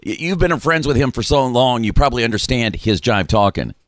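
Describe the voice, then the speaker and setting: A man's voice: mid-range voice, animated, a little fast. A man hosting a radio interview, talking in an easygoing way with many fillers. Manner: easygoing, filler-heavy patter. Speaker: radio show host.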